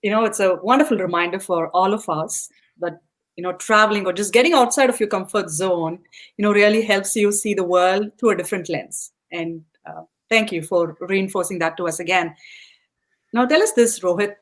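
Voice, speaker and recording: A woman's voice: medium pitch, moderate pace. A woman hosting a podcast, asking questions in an encouraging, appreciative way. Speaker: podcast host. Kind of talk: interview questions.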